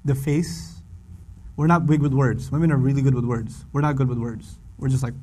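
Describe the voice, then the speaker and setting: A middle-aged man giving a humorous religious lecture, animated and repeating lines for emphasis. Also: mid-range voice, normal speed. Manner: animated, acts out quoted voices, repeats for emphasis. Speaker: Quran teacher.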